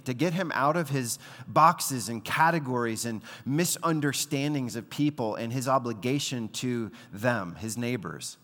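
Male pastor, conversational sermon delivery with acted-out asides, mid-pitched, recorded with hall reverb. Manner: conversational preaching with acted-out quotes.

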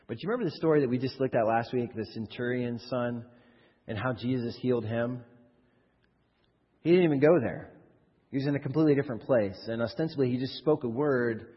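A man's voice: mid-range voice, breathy edge. Man preaching a sermon in a reverberant hall. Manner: conversational, rising in fervor, rhetorical questions. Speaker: pastor. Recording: dull audio with long hall reverb.

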